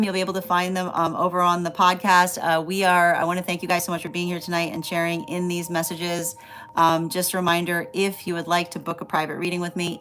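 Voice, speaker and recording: A woman with a fairly low voice hosts a livestream tarot reading. She talks emphatically, circling back over her phrases and tagging them with quick questions. Faint music plays in the background. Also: a bit bright. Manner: emphatic, repeats phrases, many tag questions. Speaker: tarot reader, livestream host. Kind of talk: casual livestream talk.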